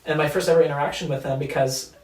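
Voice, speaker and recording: A man's voice: on the high side, racing. Young man telling a candid story, echoey. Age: young adult. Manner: candid, animated, swears freely. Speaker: guest. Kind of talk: casual storytelling interview. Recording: echoey room, distant mic.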